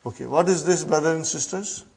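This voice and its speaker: A man's voice: fairly high pitch, brisk, creaky, darkish tone, slightly rough. A man teaching a language class, drilling phrases and often checking in with a questioning "huh?". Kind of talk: classroom lesson.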